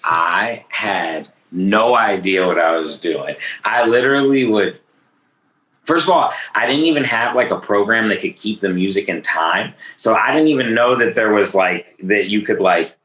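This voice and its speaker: Male music producer guest from Northern Virginia, low bright voice, excitable and self-deprecating, in a roomy, echoey space. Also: normal speed, few pauses. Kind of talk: casual interview.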